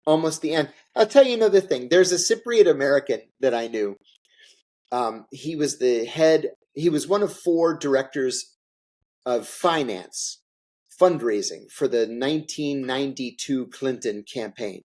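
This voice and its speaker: Guy telling stories in an interview, mid-pitch voice, hammers his points by repeating them. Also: expressive, unhurried, a little mellow. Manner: emphatic, repeats phrases for effect, acts out quotes. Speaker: interview guest, former intelligence officer. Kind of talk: candid conversational storytelling.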